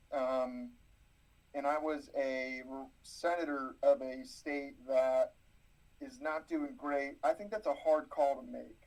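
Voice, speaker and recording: A man's voice: on the high side, a little mellow, low-quality recording. A man co-hosting a casual podcast, rambling and hesitant with many filler words. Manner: rambling, hesitant, lots of ums. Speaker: podcast co-host.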